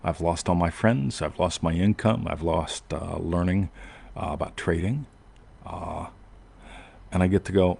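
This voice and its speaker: A man's voice: low voice, steady tone, a little slow, vocal fry, a little mellow, husky. A man hosting a show, telling a long personal story in a rambling casual way and often asking "right?". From United States. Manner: rambling, self-interrupting, frequent "right?". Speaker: podcast host.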